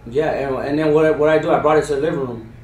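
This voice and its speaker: A man's voice: steady tone, quick pace. Earnest man in a roomy distant recording. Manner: earnest, insistent, streetwise slang, swings from loud bursts to low mutters. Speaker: interviewee telling a true paranormal story. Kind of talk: casual storytelling to an interviewer. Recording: roomy, distant recording with faint background noise.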